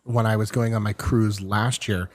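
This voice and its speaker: A man hosting a casual podcast, telling stories in a rambling way and jumping into animated voices for the people he quotes. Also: fairly low pitch, moderate pace. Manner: drinks and chats over whiskey. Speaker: podcast host. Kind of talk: casual chat.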